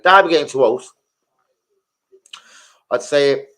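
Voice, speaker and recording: A man's voice: medium pitch, measured pace, rough recording. A young man, telling crude, swear-filled stories on a live stream. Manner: crude, swearing, animated storytelling. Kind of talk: casual live stream chat.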